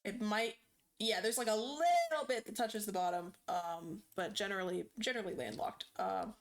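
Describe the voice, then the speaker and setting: A woman's voice: mid-range voice, normal speed, slight background noise. A woman streamer chatting casually as she plays, rambling and hesitant with many ums.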